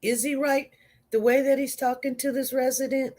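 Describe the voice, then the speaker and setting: A woman's voice: high-pitched, fairly even intonation, moderate pace, mellow. A woman who works as a nurse, telling a work story to her viewers in a casual live stream. She rambles and repeats herself as she talks straight to them.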